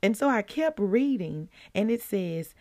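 A woman hosting a devotional podcast, earnest and emotional, her voice breaking into excited peaks as she shares her morning. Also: medium pitch, a little slow. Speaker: podcast host.

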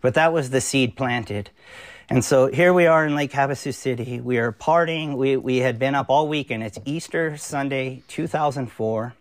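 A pastor in his forties tells his life story as a podcast guest, earnest and unpolished, stopping often on fillers and restarting his sentences. His voice sits at an ordinary middle pitch for a man, and it is recorded close and dry with no room sound. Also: moderate pace, no echo. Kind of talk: personal testimony in a podcast interview.

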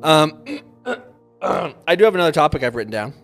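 Young male podcast co-host, goofy, hiccuping, animated pitch, light music behind. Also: normal speed. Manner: goofy, joking, laughs at own bits. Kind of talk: casual chat.

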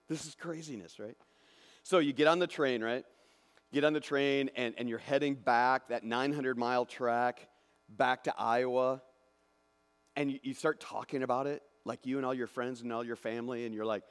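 A man preaching a lively sermon, acting out imagined voices and swinging between loud bursts and hushed asides. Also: a little high, a little fast. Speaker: pastor. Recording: long hall reverb.

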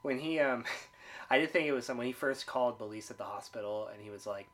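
A man's voice: mid-range voice, fast talker, a bit bright. A man from the United States co-hosting a casual chat, laid-back, swearing and laughing often. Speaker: podcast co-host.

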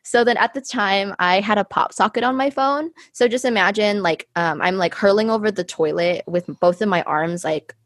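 A woman's voice: medium pitch, moderate pace, hardly any pauses, dry recording, clean studio sound. A young woman hosting a podcast, telling a story in a casual, chatty way and filling her talk with "like" and "um.". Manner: chatty, filler-heavy, uses "like" constantly. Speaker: podcast host.

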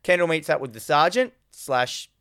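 A man talks through a film plot with a friend, breaking into little acted-out lines. His pitch roams widely as he goes. The sound is dry and close. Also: smooth, dry recording. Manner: animated, acts out lines in quick bursts. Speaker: podcast co-host. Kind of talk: casual chat recapping a film.

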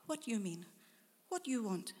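Brief: woman playing young fairground girl, high and coaxing, broken English, long reverb. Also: sing-song, brisk, darkish tone. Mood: cross. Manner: coaxing, insistent.

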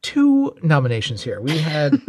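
A man's voice: fairly high pitch, huge pitch swings, moderate pace, a little mellow, dry recording, clean studio sound. A man co-hosting a podcast, talking casually and emphatically, often turning to his co-host by name. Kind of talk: casual chat.

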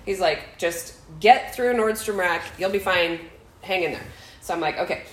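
Animated woman telling a family story. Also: lowish voice, moderate pace, roomy sound, rough recording. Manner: animated, acts out quotes with laughter. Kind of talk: casual storytelling chat.

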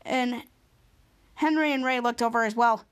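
High-voiced woman recapping an episode. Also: moderate pace, smooth. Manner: rambling retelling with restarts. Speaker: podcast host.

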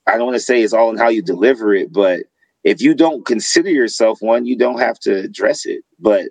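A man co-hosting a podcast, telling animated, profane stories in casual chat. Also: lowish voice, fairly quick, gravelly, no room sound, low-quality recording. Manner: animated, profane storytelling with laughs. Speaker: podcast co-host.

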